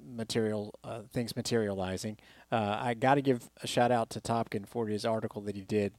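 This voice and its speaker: Male sports podcast host, mid pitch, dry close sound, rambling casual delivery. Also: fairly even intonation, fairly quick, a little mellow, no room sound. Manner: rambling, with many fillers and restarts.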